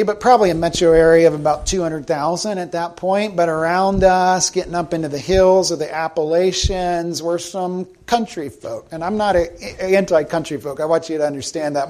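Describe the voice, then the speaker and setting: A middle-aged man from South Carolina, preaching a sermon in a conversational storytelling way and slowing down for emphasis. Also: fairly high pitch, darkish tone. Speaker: pastor.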